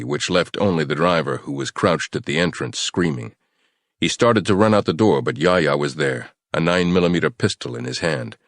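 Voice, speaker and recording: A man's voice: rumbling low, no room sound, clean studio sound. A man narrating a horror thriller audiobook in a tense, dramatic storytelling manner. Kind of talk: scripted narration.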